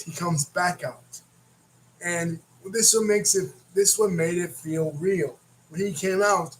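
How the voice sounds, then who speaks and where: A man's voice: high voice, a little hiss or hum, low-quality recording. A man hosting a casual wrestling recap, rambling and often restarting his words. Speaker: wrestling reaction host.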